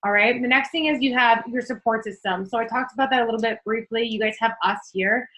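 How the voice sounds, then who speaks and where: A young adult woman fitness coach giving an energetic, chatty motivational talk on a group call, swearing casually. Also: on the high side, fast talker, low-quality recording.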